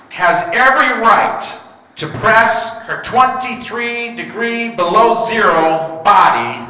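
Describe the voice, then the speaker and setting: A man's voice: sits high, pushed and bright. A man in his fifties doing stand-up comedy, telling stories about home life and talking with the audience. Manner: storytelling, crowd work with audience. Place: large hall with audience. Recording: echoey hall from far off.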